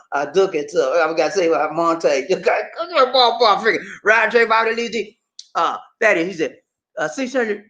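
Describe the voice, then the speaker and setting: A man hosting a casual livestream, reading out viewer comments in a laid-back way, calling people "man" and "buddy" and laughing often. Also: a bit bright. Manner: pitch swings widely between low asides and high exclamations. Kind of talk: casual live chat.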